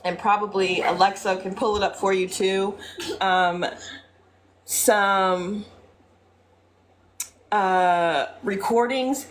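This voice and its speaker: A woman teaching casually as a spiritual coach on a live stream, chatty with frequent fillers, softly reciting mantras. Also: mid-range voice, fairly even intonation, slow pace, long pauses, a little hiss or hum.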